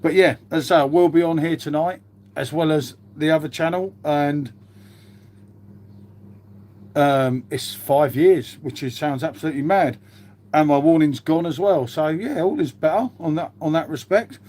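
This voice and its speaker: A man's voice: a little high, normal speed, a little mellow. A man chatting casually on a live stream, rambling and swearing now and then. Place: outdoors.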